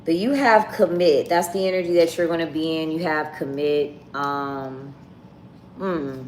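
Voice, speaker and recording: A woman with a low voice runs a live tarot stream, chatting with her viewers in a casual, blunt way. Her voice rings a little in an echoey room, with faint ambient noise underneath. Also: measured pace. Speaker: tarot reader.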